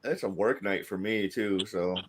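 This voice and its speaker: A man's voice: lowish voice, moderate pace, a little hiss or hum. A man co-hosting a casual podcast, telling stories with laughs and swearing. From Illinois. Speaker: podcast co-host. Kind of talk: casual chat.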